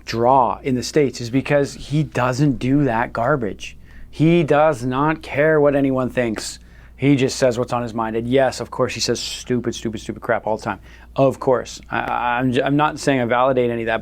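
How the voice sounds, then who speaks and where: A man co-hosting a podcast, ranting in a casual, exasperated way about politics. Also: medium pitch. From Canada. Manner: animated, exasperated, mocking impressions. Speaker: podcast co-host.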